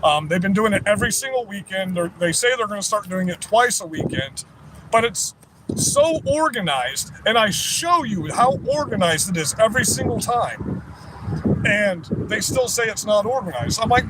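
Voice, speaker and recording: A man's voice: sits high, lively intonation, moderate pace. A man livestreaming outdoors, ranting in a profane, combative and rambling way. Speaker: livestreamer at a rally counter-protest. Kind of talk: casual livestream rant. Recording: outdoor street noise with traffic.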